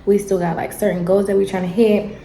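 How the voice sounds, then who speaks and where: A young woman, telling a story in a casual, animated vlog chat and acting out the dialogue. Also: mid-range voice, a little fast, reverberant, a little hiss or hum, poor audio. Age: young adult. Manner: animated, chatty, acts out dialogue. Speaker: vlogger. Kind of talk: casual storytelling while eating.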